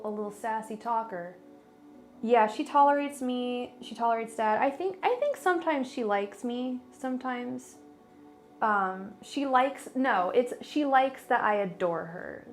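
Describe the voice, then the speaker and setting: A woman doing a casual livestream as a tarot reader, talking in a bubbly, gushing, giggly way with lots of fillers. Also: fairly high pitch.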